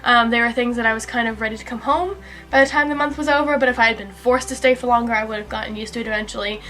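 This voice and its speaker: Young American female student, bright voice, casual and laid-back. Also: a little high, fairly even intonation, very fast. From United States. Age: young adult. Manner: easygoing, laughs often, rambling with fillers. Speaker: university student. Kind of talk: casual chat.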